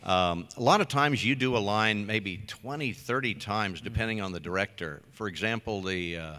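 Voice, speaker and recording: An older man speaks on a convention panel in a bright, forward voice. His talk is easygoing and self-deprecating, full of little fillers. A long hall reverb trails his words. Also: on the low side, moderate pace. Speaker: voice actor panel guest.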